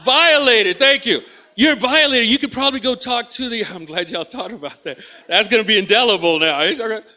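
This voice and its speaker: A man with a very high-pitched voice does a stand-up set in a theatre, speaking a little fast. He tells stories with lively energy, plays both voices in each exchange, and trades banter with the audience.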